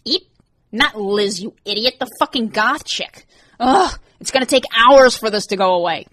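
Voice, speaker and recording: A woman voicing Rorik, an irritable teenage boy who swears and grumbles, pitched a little above her own reading voice. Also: moderate pace, pushed and bright, no echo. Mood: grumpy. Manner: snappy, swearing, sighing.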